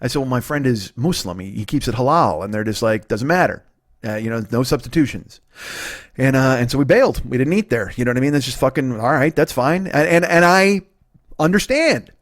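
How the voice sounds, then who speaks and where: A man in his forties hosting a podcast, telling a rambling, profane, self-deprecating story in a casual, animated way. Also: mid-range voice, brisk, dry recording, studio quality. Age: 40s. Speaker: podcast host.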